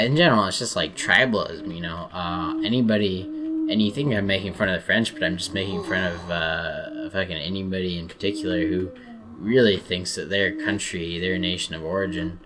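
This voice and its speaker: Deep-voiced guy ranting sarcastically. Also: steady tone, fairly quick. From United States. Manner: rambling, profane, sarcastic. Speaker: gaming commentator. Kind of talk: rambling rant over gameplay.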